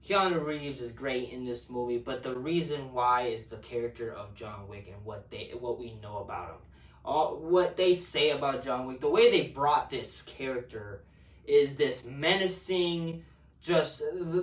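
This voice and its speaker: A man's voice: mid-range voice, fairly bright tone. A man talks through a casual movie review in a loose, profane, rambling way, restarting his sentences and repeating words as he goes. He sits back from the microphone, and his voice bounces around a roomy space. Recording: echoey room from a distance.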